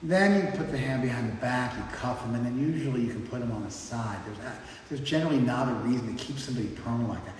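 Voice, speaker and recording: Talking fast with few pauses, a man in a mid-range voice delivers a casual, explanatory class lecture and keeps checking in with the audience. The mic is far away in an echoey hall, and there's faint background noise.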